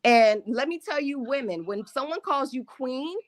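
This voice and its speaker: A woman's voice: sits high, expressive, normal speed, no echo. A woman calling in to a show, telling a story emphatically and emotionally, often laughing. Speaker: caller. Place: Harlem.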